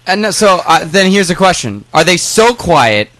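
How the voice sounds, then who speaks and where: A young man co-hosting a casual talk show, rambling and halting with many restarts. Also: sits high, very animated, fairly bright tone, no echo. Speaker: co-host. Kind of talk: casual chat.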